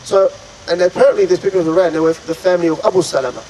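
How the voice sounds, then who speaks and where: A man's voice: high voice, racing, warm tone, a little hiss or hum, low-quality recording. A man earnestly retelling an Islamic story to an audience, dramatic and full of pious exclamations. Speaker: religious storyteller.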